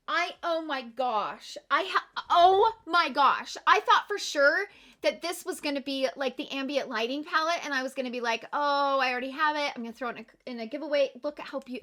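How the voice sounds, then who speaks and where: Bubbly high-voiced woman unboxing makeup. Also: moderate pace, sharp tone. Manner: gushing, gasps and exclamations. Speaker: beauty vlogger. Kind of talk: excited unboxing chat.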